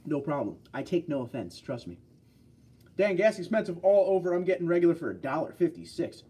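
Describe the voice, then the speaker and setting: A man's voice: fairly high pitch, sing-song, a little fast, warm tone, slight background noise. A man from New York hosting a livestream, chatting casually and rambling through answers to viewer comments. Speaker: livestream host.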